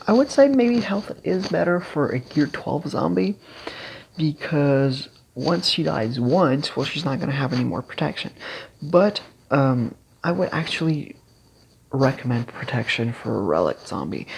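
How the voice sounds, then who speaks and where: A casual game strategy guide creator explaining team builds haltingly, with many fillers and restarts, and clearing their throat now and then. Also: medium pitch, a little hiss or hum, low-quality recording.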